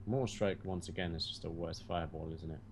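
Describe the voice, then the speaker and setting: A man's voice: deep voice, fairly even intonation, fast talker, a little mellow, a little hiss or hum. A man co-hosting a casual gaming chat, talking in hesitant, stammering restarts. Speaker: co-host.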